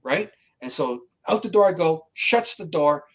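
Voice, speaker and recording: A middle-aged man from Canada with a higher-than-average voice speaks in an unhurried way over poor audio. Appearing as a guest psychic in a casual interview, he tells a story animatedly and imitates the voices of the people in it.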